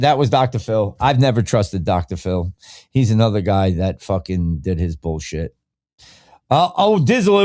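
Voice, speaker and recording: A male podcast host on a casual live stream, swearing freely and arguing with viewers in the chat. His pitch swings up and down with plenty of life. The sound is dry and close, with no room around it. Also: darkish tone, dry recording. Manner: profane, blunt, argumentative; talks back to chat viewers by name.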